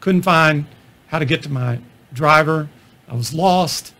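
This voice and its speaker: Gravelly self-deprecating male storyteller. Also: fairly high pitch, a little slow, bright, forceful tone. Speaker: physician lecturing on stand-up comedy. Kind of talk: anecdotal presentation.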